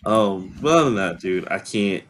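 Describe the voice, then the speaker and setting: A man's voice: sits low, expressive, normal speed, background noise. A young man co-hosting a podcast in casual chat, laid-back, laughing often and swearing freely. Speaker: podcast co-host.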